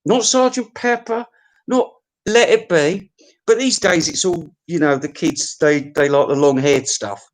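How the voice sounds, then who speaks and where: A man rants through a music countdown in a loose, comic monologue. He swears freely, trips over restarts and repeats himself. His voice sits a little high for a man. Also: unhurried. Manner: sweary, opinionated, full of restarts and stammers.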